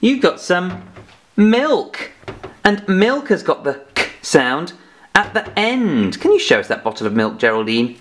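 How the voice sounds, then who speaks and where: A man's voice: a little high, sing-song, normal speed. A man teaching phonics to children, patiently and playfully telling off a puppet giraffe as he goes. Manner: gently scolding, patient, playful.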